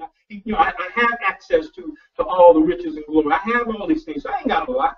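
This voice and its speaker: A man's voice: high-pitched, animated, fast talker, hardly any pauses. A male pastor preaching in a loose, conversational way, often repeating words and restarting his sentences in a folksy, personal tone. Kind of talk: conversational sermon. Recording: distant, dull lo-fi sound.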